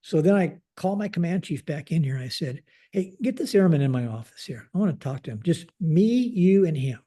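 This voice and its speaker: A man's voice: on the high side, a little fast. An older man, a retired Air Force general, telling a story in a podcast interview and acting out the dialogue, with many fillers. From United States. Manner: animated retelling with acted-out dialogue, frequent fillers. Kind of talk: conversational storytelling.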